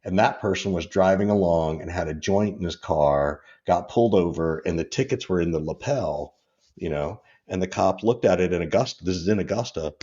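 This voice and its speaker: A man's voice: low voice, brisk, warm tone, dull audio. A man in his fifties, a podcast guest, telling personal stories in a rambling, candid way and laughing through them. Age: 50s. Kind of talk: casual interview storytelling.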